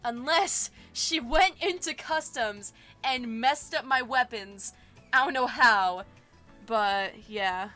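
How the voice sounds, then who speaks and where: A bubbly young woman streams a story game, reading the text aloud and gushing between lines. Her voice is bright and fairly high, with soft game music behind her. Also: takes it slowly. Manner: bubbly, excitable, gushing asides. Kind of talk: reading a visual novel aloud with commentary.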